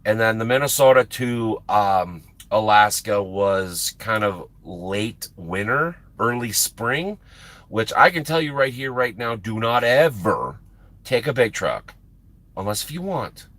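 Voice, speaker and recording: A man's voice: fairly low pitch, animated, measured pace, fairly bright tone, dry recording. A man, a truck driver chatting casually with his livestream viewers, rambling and repeating words for emphasis. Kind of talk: casual chat with stream viewers.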